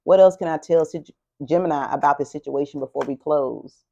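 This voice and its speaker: Animated woman giving a tarot reading. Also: sits low, brisk, gravelly. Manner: animated and emphatic, repeats herself, talks like a preacher. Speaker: tarot reader.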